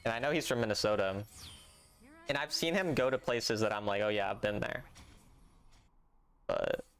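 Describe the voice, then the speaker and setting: Young male streamer, smooth voice, dry sarcastic chat with viewers, slangy. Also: on the low side, moderate pace, fairly bright tone. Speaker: livestreamer playing a mobile game.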